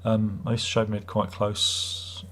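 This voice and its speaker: A man's voice: fairly low pitch, flat delivery, a little slow, fairly bright tone, slight background noise. A middle-aged man hosts a livestream, chatting casually and reading viewer comments in a sarcastic, rambling way. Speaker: livestream host.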